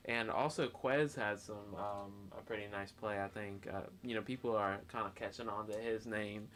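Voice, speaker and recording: A man's voice: on the low side, fairly even intonation, normal speed, fairly bright tone. A young man co-hosting a student sports show, laid-back and chuckling, telling the news in a loose, rambling way. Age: young adult. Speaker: co-host. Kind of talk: casual sports talk. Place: student media studio.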